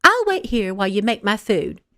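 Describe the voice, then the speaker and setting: A haughty, spoiled young woman, as a female narrator puts her on, talking down to everyone in a snippy, condescending voice. Her pitch swings a lot as she talks. The sound is dry and close. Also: big pitch swings, moderate pace, bright, forceful tone, no echo.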